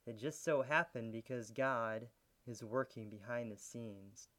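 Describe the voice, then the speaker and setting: A man delivers a sermon in an earnest, teaching way. His voice sits at a middle pitch and gathers intensity as his points build. Light laughs slip into his explanations. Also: a bit bright. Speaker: pastor.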